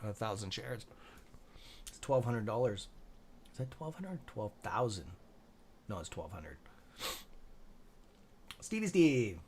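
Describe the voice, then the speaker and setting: A young man hosting a live trading stream, reading chat and reacting with excitable, profane commentary and muttered asides. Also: fairly low pitch, unhurried, long pauses, slight background noise. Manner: excitable, profane, talks to viewers by nickname; mutters asides to himself under his breath. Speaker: stock trading livestream host.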